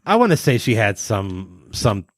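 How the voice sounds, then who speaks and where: A man's voice: lowish voice, big pitch swings, unhurried, no room sound, clean studio sound. A man co-hosting a podcast in casual chat, talking in a rambling, hesitant way. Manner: rambling, hesitant, many restarts. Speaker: podcast co-host.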